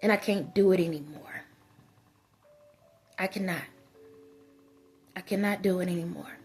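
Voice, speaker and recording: A woman's voice: lowish voice, unhurried, darkish tone, slightly rough, soft background music. A woman giving a preachy monologue to her viewers as a spiritual advisor, scolding them with emphatic repetition.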